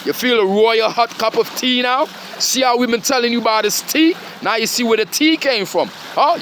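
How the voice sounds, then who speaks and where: Man, high register, confrontational profane rambling rant, faint background noise. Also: a bit bright. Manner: confrontational, profane, repeatedly says "dog" and "huh". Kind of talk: rambling monologue.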